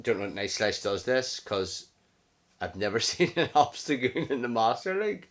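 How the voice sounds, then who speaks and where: Lively, excitable man commentating gameplay. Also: medium pitch, normal speed. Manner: excitable, swears and cheers at wins. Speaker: gaming commentator.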